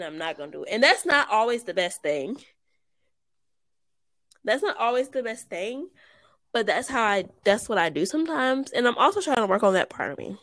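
A woman's voice: mid-range voice, a bit bright, dry recording. Laughing woman in her twenties. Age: 20s. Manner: chatty, laughs often, says y'all. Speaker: podcast co-host. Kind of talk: casual chat.

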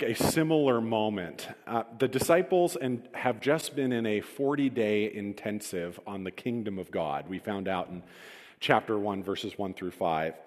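A man preaching a sermon in a conversational, self-deprecating storytelling manner, in a church hall. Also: mid-range voice. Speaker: pastor. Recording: reverberant hall.

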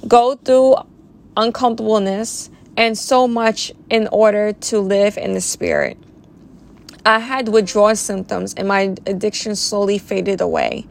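A woman's voice: medium pitch, creaky. Earnest woman sharing faith testimony. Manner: earnest, emotional, reflective. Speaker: podcast host.

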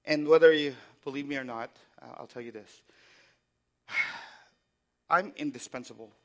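A man preaching a sermon, moving between quiet, reflective passages and loud, impassioned exhortation, often asking the congregation to respond. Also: medium pitch, measured pace. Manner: asks the congregation for call-and-response. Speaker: pastor.

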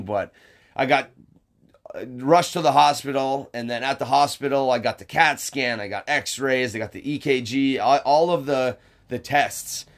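A man's voice: mid-range voice, fairly bright tone. Rambling, profane man telling a story. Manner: rambling, profane, full of fillers and restarts. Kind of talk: casual storytelling chat.

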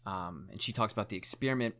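A young man with a fairly low voice tells a story in loose, casual chat. He rambles, leans on "like" constantly and swears without thinking about it. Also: fast, fairly bright tone. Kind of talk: casual chat, retelling a documentary.

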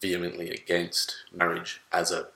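A man in his thirties talks in a deep, gravelly voice with a bright edge. He rambles thoughtfully, often restarting his sentences. The room around him is echoey. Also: monotone, normal speed. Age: 30s. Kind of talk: casual chat.

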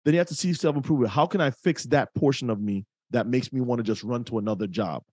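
A man with a mellow, warm tone hosting a podcast, recorded close and dry. He reflects on his guests' points and sums them up in a casual, thoughtful manner, restarting a phrase now and then. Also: mid-range voice, fast, slightly rough, no echo.

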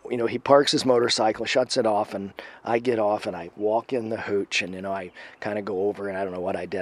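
In a lowish voice, a man tells a long story casually. He performs the voices of its characters and sinks into a hush whenever the tension rises.

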